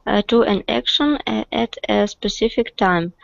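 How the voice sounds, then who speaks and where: A woman, a student reading aloud haltingly in an online English lesson. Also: mid-range voice, gravelly, dry recording, dull audio.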